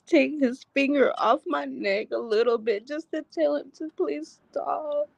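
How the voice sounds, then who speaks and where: Woman guest, slow and halting, slightly high voice, dry close sound, emotional first-person testimony. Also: gravelly, darkish tone, dry recording, muffled recording. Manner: halting, with many ums and restarts, swearing when upset. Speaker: guest telling her story.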